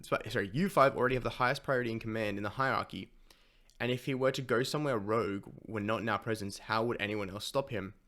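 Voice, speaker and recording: Male reaction host, reads manga lines, excitable, sweary, casual. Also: fairly low pitch, fast. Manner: swears and gasps while reacting; reads character lines in his plain voice.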